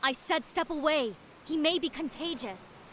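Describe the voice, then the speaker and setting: Young apothecary, composed, earnest, video game dialogue. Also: female voice, sits high, moderate pace, a little hiss or hum, low-quality recording. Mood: urgent. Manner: composed, earnest, soft-spoken. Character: calm, selfless female apothecary, young adult.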